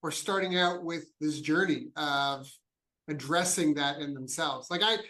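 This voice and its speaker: A Canadian podcast host, a man with a somewhat high voice, leans into conversation. He wanders into personal stories, breaking off and restarting his sentences as he asks his guest questions. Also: a little slow, bright, forceful tone, low-quality recording. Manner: rambling, tells anecdotes, self-interrupting.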